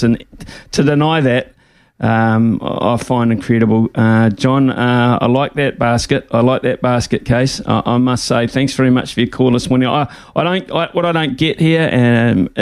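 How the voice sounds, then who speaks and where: A man's voice: medium pitch, a little mellow, clean tone, no room sound. A man with a New Zealand accent hosting sports talkback radio, stressing points by repeating words. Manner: emphatic, repeats phrases for effect.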